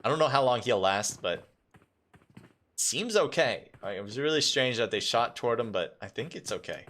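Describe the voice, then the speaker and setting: A man doing live esports commentary on a mobile battle royale match, calm and explanatory, with loud excited bursts at big plays. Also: medium pitch, normal speed. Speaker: esports caster.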